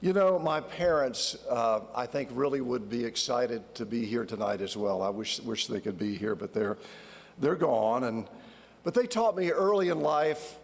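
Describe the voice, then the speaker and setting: Gravelly man giving a heartfelt speech. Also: mid-range voice, expressive, normal speed. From North Carolina. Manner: warm, heartfelt, grateful. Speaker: award recipient, retired TV broadcaster. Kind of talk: acceptance speech. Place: large ceremony hall. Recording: reverberant hall.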